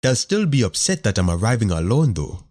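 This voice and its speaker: A man's voice: fairly low pitch, sing-song, brisk, darkish tone. A male audiobook narrator voicing a weary young nobleman in a dry, understated way. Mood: dry, glum. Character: weary young nobleman dreading family dinner.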